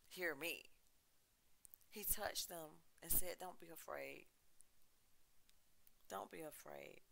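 A man preaching a sermon with emphatic, chant-like repeated lists, reading scripture with dramatic pauses. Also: on the high side, gravelly, sharp tone, slight background noise, rough recording. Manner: reads scripture dramatically, slowing and dropping his voice.

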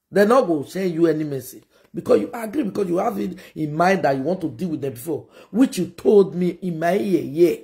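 Loud, scolding Nigerian woman reacting. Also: lowish voice. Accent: Nigerian Pidgin English. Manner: scolding, mocking, with sudden shouts. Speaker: gossip reaction host. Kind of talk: animated reaction commentary.

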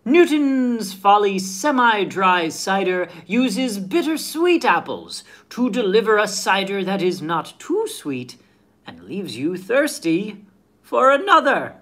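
A man voicing an old-timey 1920s male radio announcer with a crisp, formal cadence. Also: high voice, big pitch swings, takes it slowly, a bit bright, voice pushed up, heavily acted.

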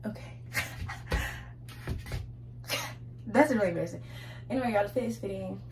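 A woman's voice: mid-range voice, normal speed, soft background music. Chatty young woman vlogging, out of breath. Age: young adult. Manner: chatty, laughs often, says y'all a lot. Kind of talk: casual vlog chat to camera.

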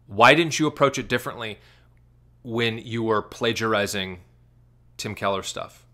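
A man giving commentary on a clip, asking sarcastic rapid-fire questions. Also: lowish voice, pushed and bright.

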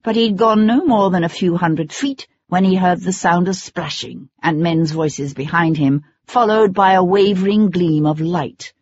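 An audiobook narrator reading a tense chase scene in steady, measured storytelling. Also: mid-range voice, slight background noise. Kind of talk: scripted narration. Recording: dull lo-fi recording.

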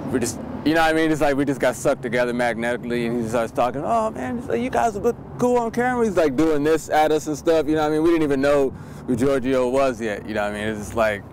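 A man's voice: medium pitch, quick pace, a little mellow, slight background noise. Rambling man reminiscing outdoors. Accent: Seattle. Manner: loose, rambling, many "you know what I mean". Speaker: interviewee. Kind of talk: casual reminiscing interview.

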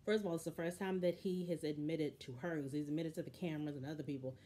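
A woman hosting a casual recap of a reality show, telling the story in an animated, opinionated way. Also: low voice, fast, a little hiss or hum.

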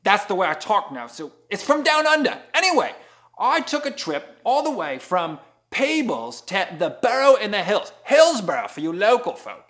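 A road-report vlogger with an Appalachian accent talks about driving conditions from his car, joking around and tossing in mock Aussie slang. His high, fairly bright voice swoops wildly in pitch at a normal speed.

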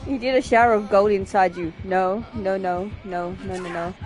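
A woman's voice: medium pitch, fairly even intonation, moderate pace, a crowd in the background. A young woman streaming a horror game, chatting and teasing a friend, often laughing and breaking into sudden shrieks. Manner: giggly, teasing, bursts into shrieks. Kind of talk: live gaming commentary with a friend.

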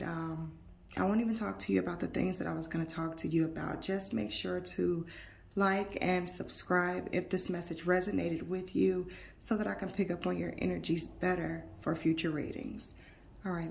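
A woman giving an intuitive tarot reading to her viewers, earnest and emotional, with slow, emphatic affirmations. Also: fairly low pitch, steady tone, vocal fry, darkish tone, reverberant. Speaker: tarot reader.

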